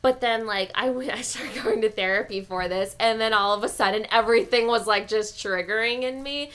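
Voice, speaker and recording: A woman's voice: fairly high pitch, fairly quick, a bit bright, smooth. A young woman chatting casually as a podcast guest, laughing often and swearing freely. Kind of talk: casual chat.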